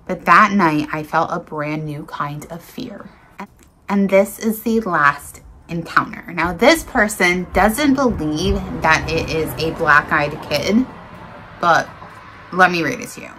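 A woman reads creepy encounter stories aloud with earnest, dramatic delivery. Her voice is bright and forward, sitting a little low. She stumbles now and then and restarts a word. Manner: earnest, dramatic reading with small slips. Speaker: storyteller reading encounters. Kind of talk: reading viewer stories aloud.

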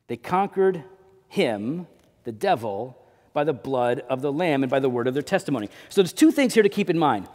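A man preaching a sermon as pastor, with dynamic delivery that swings between loud emphasis and quiet low drops. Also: lively intonation, moderate pace, long reverb tail. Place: church sanctuary.

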